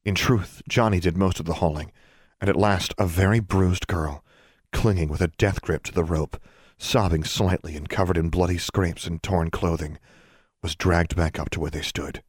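A man reading a novel aloud as narrator, in a steady, measured storytelling manner. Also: sits low, husky, dry recording, clean studio sound. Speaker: audiobook narrator. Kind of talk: scripted narration.

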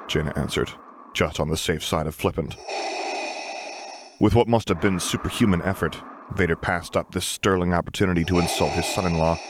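A man reading a story aloud in measured, dry narration. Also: low voice, steady tone, background noise. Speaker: audiobook reader. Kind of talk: scripted narration of fan fiction.

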